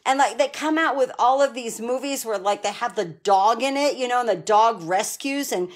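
A woman's voice: fairly high pitch, normal speed. A chatty middle-aged woman hosting a casual live stream from her home crafting corner. She laughs often and answers viewers by name.

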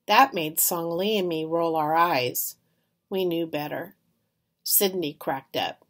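A woman reading a children's chapter book aloud in an expressive storytelling manner. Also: lowish voice, slow pace. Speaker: reader.

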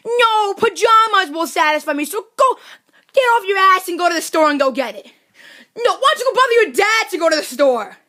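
A woman's voice: extremely high pitch, lively intonation, a little fast, pushed and bright, full character voice. A woman doing a whiny spoiled little koopa boy. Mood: whiny demanding. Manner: whiny, bossy.

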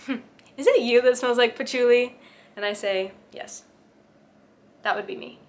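A woman's voice: on the high side, a bit bright. A woman in her twenties chatting casually to camera in a vlog, bubbly and giggly. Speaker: beauty vlogger.

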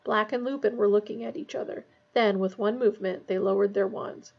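A woman's voice: medium pitch, steady tone, a little fast, creaky, lo-fi sound. A woman reading a novel aloud, giving a casual recap before she reads on. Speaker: reader.

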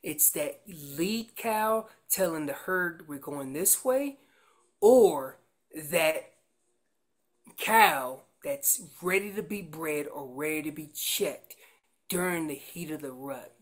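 A man's voice: fairly high pitch, animated, slow, vocal fry. A man explaining how to make an elk call, teaching in an earnest way and often repeating words as he goes. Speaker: elk calling instructor.

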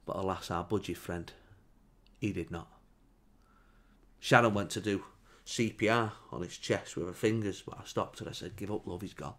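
A man's voice: sits low, normal speed, long pauses, fairly bright tone. A man telling a comic story in a dry, mock-solemn way. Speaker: comedian. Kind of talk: deadpan comic monologue.

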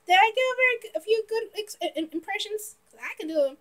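A young woman reacting to a movie trailer in a giggly, excitable way, bursting into shouts of delight. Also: extremely high pitch, fast talker, hardly any pauses.

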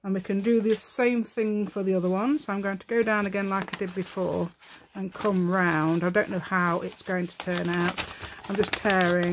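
A woman's voice: mid-range voice, steady tone, moderate pace, a little hiss or hum. Chatty middle-aged woman hosting a craft tutorial. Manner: chatty, thinks aloud, self-mocking, hums and sings to herself. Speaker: craft channel host. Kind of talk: casual crafting tutorial chat.

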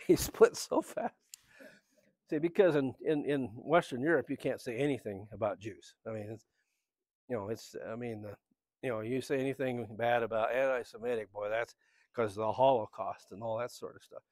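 A man gives a church talk in a loose, anecdotal way, drifting from story to point and back. His voice sits at an ordinary middle pitch. The sound is dry and close, with little room around it. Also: brisk, darkish tone, no echo. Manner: rambling, conversational storytelling. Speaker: church speaker.

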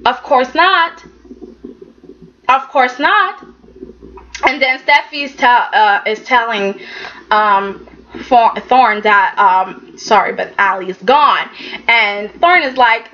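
A chatty woman recaps a soap opera at an unhurried pace, her voice bright and slightly high. She is emphatic, keeps checking in with "okay", and acts out the characters' lines. The recording sounds a little dull and lo-fi. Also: animated. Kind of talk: casual recap commentary.

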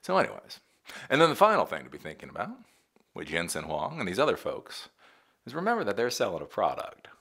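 A man hosting a casual commentary show, sarcastic and animated, laughing often. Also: sits low, a little fast, husky. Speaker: tech commentary host.

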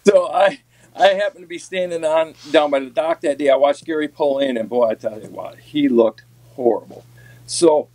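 A man in a casual podcast chat tells a long fishing-circuit story in a folksy, rambling way, stopping often for ums and restarts. His voice sits at an ordinary middle pitch. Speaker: podcast guest, former walleye tour pro.

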